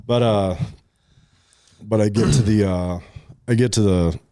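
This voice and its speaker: Middle-aged guy rambling thru a story, low mellow voice, lots of likes and you knows, kinda choked up. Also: measured pace, dry recording, clean studio sound. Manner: rambling, many fillers and restarts. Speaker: podcast co-host. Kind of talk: casual storytelling chat.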